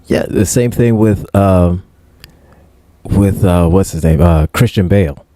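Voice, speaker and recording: A man's voice: deep voice, unhurried, warm tone, slight background noise. A man co-hosting a casual podcast chat, rambling with lots of fillers and easy laughter. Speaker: podcast co-host.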